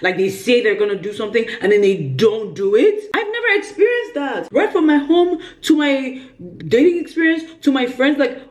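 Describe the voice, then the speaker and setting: Animated woman telling a dramatic story. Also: high-pitched, moderate pace. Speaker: vlogger. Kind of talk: storytime vlog. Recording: roomy echo.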